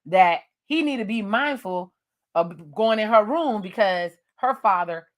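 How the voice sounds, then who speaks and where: A woman's voice: medium pitch, lively intonation, a little slow. A woman recapping a horror movie with jokes and slang, laughing often. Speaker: movie reviewer.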